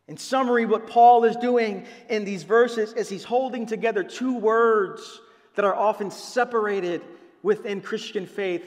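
A man preaching a sermon as a pastor, telling a story with lively quoted voices and explaining scripture to his congregation. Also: high-pitched. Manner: animated, dramatic retelling with quoted voices. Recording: long reverb of a large hall.

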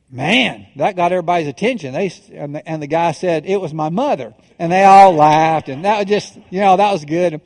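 A middle-aged male pastor preaching a sermon, telling humorous self-deprecating stories with halting restarts before moving into a measured, solemn delivery. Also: high voice, darkish tone.

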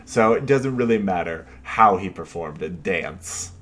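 A man's voice: deep voice, animated, a little slow, a bit bright. A man co-hosting a podcast, talking about a movie in a joking, playful way. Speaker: podcast co-host. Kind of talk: casual chat.

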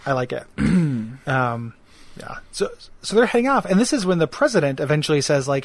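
A man's voice: on the high side, big pitch swings, normal speed, vocal fry, no echo. A man chatting casually about a cartoon show, rambling with many fillers and laughing as he acts out lines.

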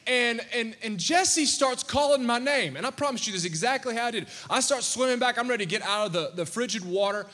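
A man preaching to his congregation, telling a story with animated energy and calling questions out to the crowd. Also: extremely high pitch, fast talker, hardly any pauses. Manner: animated, calls out questions to the audience. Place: church sanctuary. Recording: long church-hall reverb.

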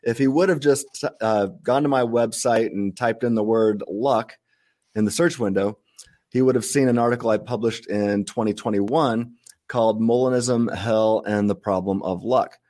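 A man with a fairly low voice, a guest on a casual podcast. He speaks in a measured way and reads long passages of his own writing aloud. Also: steady tone, darkish tone. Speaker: guest author.

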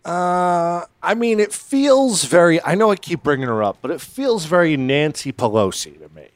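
A man co-hosting a podcast, making deadpan, mock-offended quips in casual banter. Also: fairly high pitch, moderate pace, no echo. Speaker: podcast co-host.

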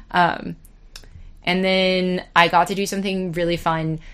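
A young woman in her twenties talks on her own podcast in a loose, rambling way, swearing freely and laughing at herself. Her voice sits a little low for a woman. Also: little pitch movement, moderate pace, fairly bright tone, clear, resonant tone. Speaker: podcast host. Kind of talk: casual solo podcast chat.

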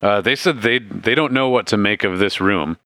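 A man narrating as game master of a tabletop game, relaxed and laughing often. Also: on the low side, moderate pace, no echo.

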